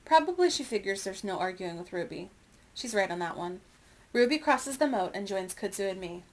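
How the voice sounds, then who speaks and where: A woman's voice: mid-range voice, a little fast. Woman reading a children's novel aloud. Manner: clear, expressive storytelling. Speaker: reader.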